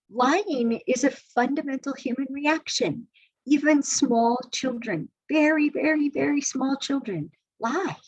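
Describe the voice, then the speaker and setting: A woman hosting a live relationship Q&A, telling a personal story in a chatty, animated way with asides to viewers. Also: sits high, slightly rough, no room sound. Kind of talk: casual live-stream storytelling. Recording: dull lo-fi stream audio.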